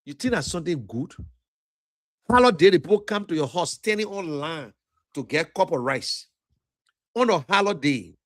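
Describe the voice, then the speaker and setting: A man's voice: on the high side, animated, normal speed, pauses often, no echo. A man with a Liberian accent, hosting a livestream and lecturing in an emphatic, repetitive political rant. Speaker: livestream host.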